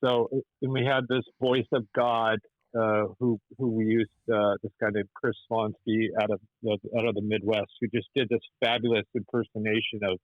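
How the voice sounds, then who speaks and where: A man's voice: lowish voice, no echo, lo-fi sound. A man as a podcast guest, telling stories casually with lots of restarts and checks for agreement. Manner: rambling, many restarts and "right?" checks. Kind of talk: casual storytelling.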